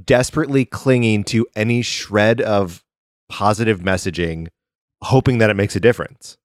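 A man's voice: lowish voice, moderate pace, dry recording, clean studio sound. Sardonic man on a podcast. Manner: sardonic, swears, reacts with mock dismay. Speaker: podcast co-host. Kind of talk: casual chat.

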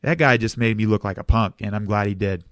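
A man's voice: lowish voice, fast talker, a bit bright, no echo, studio quality. A man hosting a podcast in a casual interview chat, upbeat and often addressing his guest by name. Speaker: podcast host.

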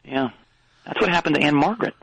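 A man playing a rambling middle-aged baseball coach who talks with confident wrongness, halting and restarting often. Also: a little high, animated, gravelly, a bit bright, breathy edge, highs cut off, exaggerated voice. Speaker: minor league coach. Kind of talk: comedy call-in bit.

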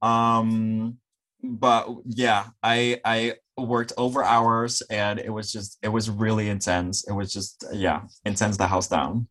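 A man from the Netherlands with a Dutch accent, a guest on a podcast, telling stories in an animated, laughing, self-mocking way. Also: lowish voice, takes it slowly. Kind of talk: casual chat.

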